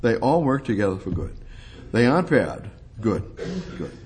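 A male preacher delivering a sermon, asking rhetorical questions and building up to emphatic, high-pitched peaks. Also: big pitch swings, normal speed, darkish tone, a little hiss or hum.

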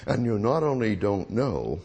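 A man's voice: fairly low pitch, big pitch swings, measured pace, a little mellow, husky. A man teaching the Bible verse by verse, repeating phrases and restating each verse in plain everyday words.

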